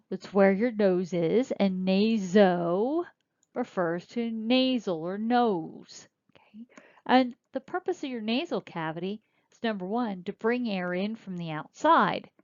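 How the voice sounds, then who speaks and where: A woman teaching a recorded lecture, explaining slowly and spelling out terms as she points. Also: mid-range voice, dry recording. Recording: dull lo-fi dry recording.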